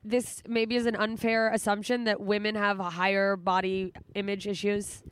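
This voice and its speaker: A woman's voice: medium pitch, level tone, moderate pace, clear, resonant tone, no echo. A woman in her thirties hosting a podcast, talking candidly and emotionally in casual chat, swearing often. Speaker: podcast host.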